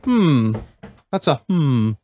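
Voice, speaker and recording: A man's voice: on the high side, big pitch swings, takes it slowly, warm tone, slight background noise. A man hosting a podcast, swearing freely and laughing through rambling banter over a beer. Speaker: podcast host. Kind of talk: casual pub-style banter. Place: home studio with a fridge nearby.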